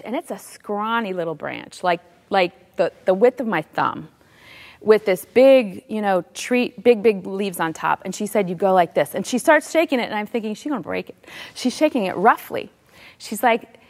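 A middle-aged woman speaks as a Christian author, telling a personal story with heartfelt warmth. She sometimes drops her voice to a hushed, soft tone. Her voice carries a long reverb, as in a large hall. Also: mid-range voice, animated, moderate pace. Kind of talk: personal faith talk.

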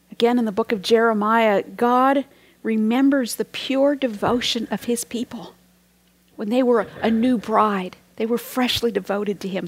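A woman's voice: medium pitch, gravelly. A middle-aged woman giving a devotional sermon as a Bible teacher, earnest and reflective, sometimes dropping to a near whisper.

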